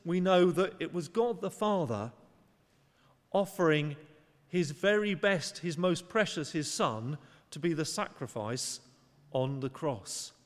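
A man's voice: on the high side, lively intonation, slow pace, long reverb tail. A man preaching a sermon in an earnest, conversational way, sometimes acting out short voices for emphasis. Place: church.

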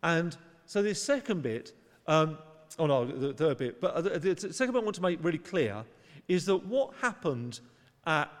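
Expressive male preacher in a reverberant church. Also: a little high, normal speed. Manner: earnest, conversational, acts out voices for emphasis. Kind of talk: sermon.

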